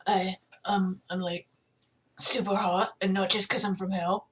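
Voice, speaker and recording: A woman voicing a savage demon boy from hell in a low, gruff, Batman-like growl. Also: level tone, unhurried, a bit bright, distant mic, lightly acted. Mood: brooding.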